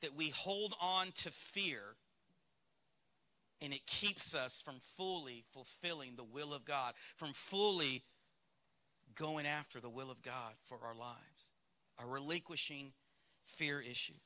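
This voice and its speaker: A man's voice: a little high, slow, bright, forceful tone. A male pastor with a Southern US accent preaching a sermon in a church, speaking candidly and asking the congregation rhetorical questions. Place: church sanctuary.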